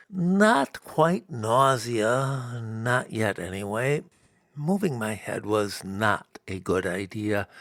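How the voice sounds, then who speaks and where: Slow, wry American man narrating. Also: mid-range voice, dry recording, clean studio sound. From United States. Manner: wry, hungover, self-mocking. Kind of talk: first-person story narration.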